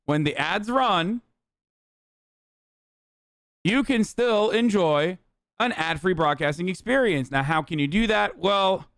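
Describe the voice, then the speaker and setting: A man's voice: sits high, animated, slow, long pauses, fairly bright tone, no room sound. A man in his thirties streaming a reaction, cursing and riffing sarcastically with mock impressions. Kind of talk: casual reaction commentary.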